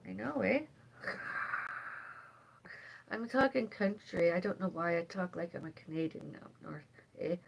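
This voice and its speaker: A woman chatting on a live stream from home in a meandering way, sighing often and drifting between loud and soft. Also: fairly low pitch, unhurried, creaky, pauses often, slight background noise, low-quality recording. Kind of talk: rambling live stream chat. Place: at home, indoors.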